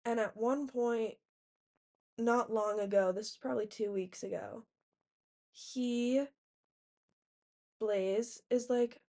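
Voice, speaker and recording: A woman's voice: fairly high pitch, takes it slowly, pauses often. A young adult woman recounting a personal story in a casual diary vlog, talking animatedly, saying "like" a lot and acting out quotes. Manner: animated retelling, heavy use of "like", acting out quotes. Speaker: diary vlogger.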